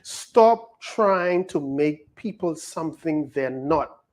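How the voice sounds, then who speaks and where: Bahamian male pastor, emphatic sermon delivery, very lively pitch. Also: slow. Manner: animated, emphatic preaching with rhetorical questions.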